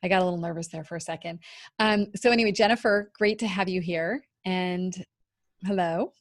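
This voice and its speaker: A woman's voice: fairly low pitch, fairly quick, no room sound, clean studio sound. A woman hosting a podcast interview, bubbly and chatty, laughing easily. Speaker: podcast host. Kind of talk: casual interview chat.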